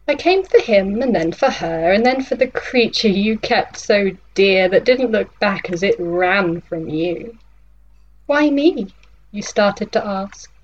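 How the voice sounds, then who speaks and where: A woman puts on a menacing nightmare villain who taunts in a slow, deliberate monologue, lingering over every threat. The voice sits at an ordinary pitch and sounds a little dull and lo-fi, with a faint hiss underneath. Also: darkish tone. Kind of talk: dramatic monologue poetry reading.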